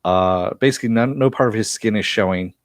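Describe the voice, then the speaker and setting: A man with a lowish voice talks through a TV episode in a relaxed, rambling recap, with lots of "uh" fillers and a bit of swearing. The sound is close and dry, with no room around it. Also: brisk, no echo. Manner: chatty, loose retelling with frequent uh fillers and mild profanity. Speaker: TV series reviewer.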